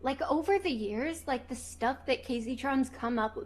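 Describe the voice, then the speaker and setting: Rambling young woman, fairly high voice. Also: moderate pace, hardly any pauses. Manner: rambling, gushing, puts on a pleading baby voice at times. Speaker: stream guest. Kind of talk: casual stream chat.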